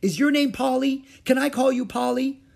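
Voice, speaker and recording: A man voicing an eager, excitable young girl in a storybook reading. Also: extremely high pitch, moderate pace, vocal fry, voice pushed up, full character voice.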